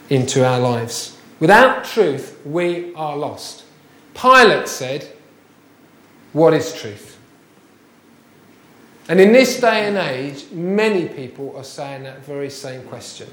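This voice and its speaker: A man's voice: on the high side, a bit bright, roomy sound, a little hiss or hum. A man preaching a sermon, chatty and full of rhetorical questions. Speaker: pastor.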